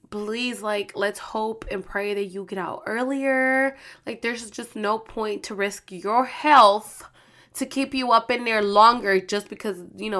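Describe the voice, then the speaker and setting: A young adult woman telling a story in a casual vlog, animated and slangy, swearing freely as she talks to her viewers. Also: medium pitch. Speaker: vlogger.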